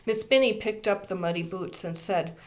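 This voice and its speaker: A woman, a teacher, reading a children's chapter book aloud with expressive, steady storytelling. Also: medium pitch, moderate pace.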